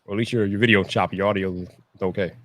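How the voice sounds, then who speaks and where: A man hosting a livestream, chatting casually with guests over a video call, animated and teasing, often laughing. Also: lowish voice, rapid-fire, no echo. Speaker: livestream host. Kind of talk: casual chat.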